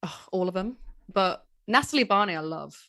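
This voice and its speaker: A woman from Manchester, England, with a Northern English Manchester accent, chats enthusiastically about history as a guest author on a casual podcast. She's an animated storyteller, her medium-pitched voice at a moderate pace in clean studio sound with no echo.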